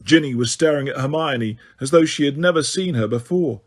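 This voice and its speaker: Man narrating an audiobook, somewhat high voice. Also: brisk.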